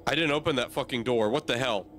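A man's voice: medium pitch, fast talker, a bit bright, slight background noise. A man playing a horror game and talking through it aloud, easily startled and swearing often. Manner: jumpy, swears a lot, reacts aloud. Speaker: gamer.

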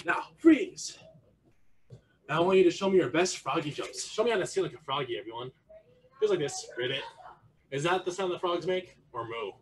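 A man's voice: fairly high pitch, expressive, a little fast, a little hiss or hum. A man teaching an online martial arts class for kids, playful and encouraging, leading exercises with silly animal noises over a video call. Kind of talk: energetic online kids' class.

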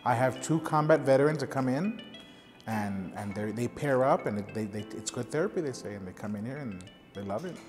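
A man's voice: mid-range voice, lively intonation, a little fast, in a large hall, over music. A middle-aged man who teaches ceramics tells earnest stories in a documentary interview. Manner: earnest, storytelling with gestures.

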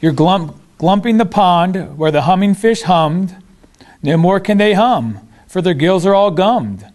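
High, lively man reading a storybook. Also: unhurried. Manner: animated storytelling. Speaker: school staff reader. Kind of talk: reading a children's book aloud.

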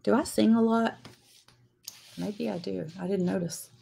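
A woman's voice: mid-range voice, fairly even intonation, a little slow, creaky, mellow, slightly rough. A woman teaching a live-streamed lettering class, chatting and greeting viewers by name as she writes.

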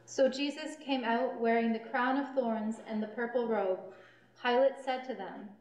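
A woman's voice: on the high side, steady tone, measured pace, a little mellow. Woman narrating scripture in an echoey church. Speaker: lay reader, narrator. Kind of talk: scripture reading in worship. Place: church sanctuary.

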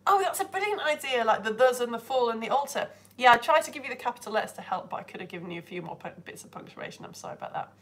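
A woman's voice: fairly high pitch, lively intonation, rapid-fire, few pauses, slight background noise. Bubbly woman teacher on a live stream. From United Kingdom. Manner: bubbly, laughs often, greets viewers by name. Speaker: online teacher.

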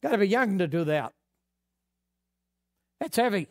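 A man's voice: high-pitched, big pitch swings, measured pace. A man preaching a sermon as pastor, folksy and conversational, acting out bits of dialogue. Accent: New England.

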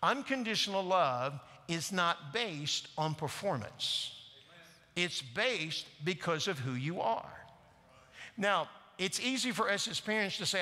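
A man's voice: high voice, expressive, slow, sharp tone, long reverb tail. A man preaching a sermon in a church, earnestly and directly questioning the congregation. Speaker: guest preacher. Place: church sanctuary.

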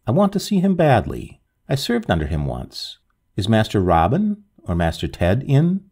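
A big, hoarse tramp begging at the window, his husky, rough voice swinging widely from high to low, as a male storyteller puts him on. He sounds worn and pleading, with menace underneath. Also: huge pitch swings, moderate pace, a little mellow, full character voice.

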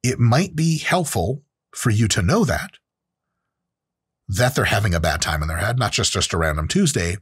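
A husky-voiced man in his late thirties speaks frankly and profanely to his audience as the host of his own show. His pitch swings widely as he talks, and the recording sounds close and dry. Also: big pitch swings, moderate pace, a bit bright, dry recording. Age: late 30s. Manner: blunt and profane, with acted-out quotes. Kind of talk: casual solo monologue.

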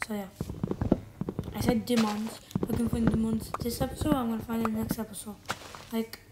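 A woman's voice: on the high side, level tone, moderate pace. A woman giving casual commentary while playing a game, rambling and correcting herself as she thinks aloud. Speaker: gamer. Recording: loud background noise with clicks.

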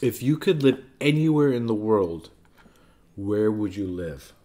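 Easygoing man in his thirties, slow and mellow, chatty family vlog host, lively intonation. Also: lowish voice. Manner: gentle, patient, talking to a child between bites. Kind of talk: casual family chat while eating.

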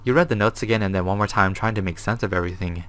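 A man's voice: on the low side, rapid-fire, a bit bright, clear, resonant tone. A young man hosting a gaming video. He reads a horror game's text aloud and reacts with nervous swearing. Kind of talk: horror game commentary and reading game text aloud.

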